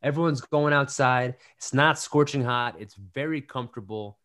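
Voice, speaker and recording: A man hosting a casual chat, playful and animated, repeating phrases for comic emphasis. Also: mid-range voice, normal speed. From New Jersey. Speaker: podcast host.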